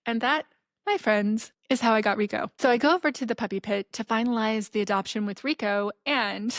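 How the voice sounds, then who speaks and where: A woman's voice: medium pitch, normal speed, no room sound. Give me a chatty young woman telling a personal story on a podcast, recorded dry. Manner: chatty, animated, lots of fillers. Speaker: podcast host.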